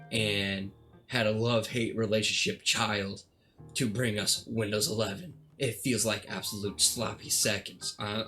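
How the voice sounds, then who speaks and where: A man's voice: on the low side, fairly bright tone. A man streaming and ranting casually, exasperated and dramatic, restarting his sentences often.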